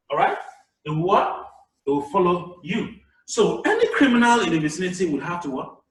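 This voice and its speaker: Man, Nigerian accent, public speaking trainer, animated delivery, distant from the mic, roomy sound. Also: high voice, brisk. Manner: animated, acts out examples. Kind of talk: webinar lecture. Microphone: video call camera mic. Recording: echoey room, voice distant from mic.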